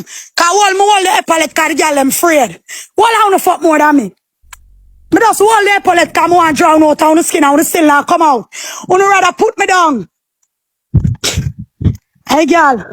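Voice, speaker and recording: A Jamaican woman with a very high, piercing voice delivers a heated, confrontational livestream rant. She is loud and profane, and she calls out and threatens her rivals. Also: no echo, clean studio sound. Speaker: livestream host.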